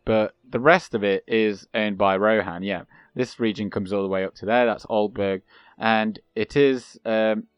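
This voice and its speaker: A man's voice: lowish voice, clean tone, dry recording, lo-fi sound. A young man giving rambling, chatty commentary while playing a strategy game, laughing now and then. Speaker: gaming channel host. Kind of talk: let's play commentary.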